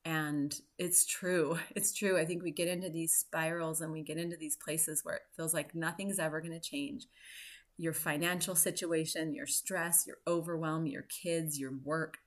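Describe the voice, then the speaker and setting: A woman in her forties, a podcast host, telling a personal story in an earnest, reflective way with soft laughs. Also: deep voice, level tone, normal speed. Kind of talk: personal story and motivational talk.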